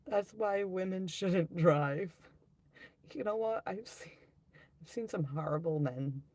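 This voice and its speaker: A woman's voice: lowish voice, a little mellow, no echo. A woman hosting a live stream, reading viewer comments aloud and chatting in a rambling, offhand way. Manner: rambling, offhand, quick to laugh at herself. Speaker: livestream host.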